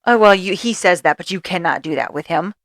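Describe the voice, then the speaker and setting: A woman's voice: on the low side, animated, brisk, no room sound, studio quality. A woman co-hosting a podcast, chatting casually and laughing often. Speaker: podcast co-host. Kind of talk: casual chat.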